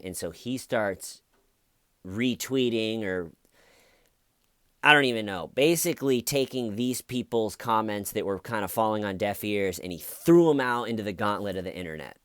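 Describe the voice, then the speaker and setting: A man tells a true-crime story in a loose, rambling way, with lots of fillers and restarts. His voice sits low and comes through smooth and clear. The recording is dry, with no room sound. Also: no echo. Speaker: commentary youtuber. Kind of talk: casual true-crime commentary.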